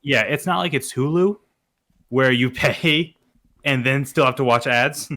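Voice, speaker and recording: A man's voice: mid-range voice, measured pace, sharp tone. A young man, co-hosting a podcast with dry joking asides. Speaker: podcast co-host. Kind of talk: casual chat.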